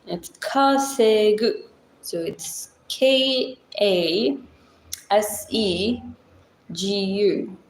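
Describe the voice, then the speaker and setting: Slow, chatty woman streaming from an echoey room. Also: medium pitch, a little hiss or hum. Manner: rambling, chatty, explaining language basics with fillers. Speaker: livestream host. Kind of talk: casual livestream chat answering viewers.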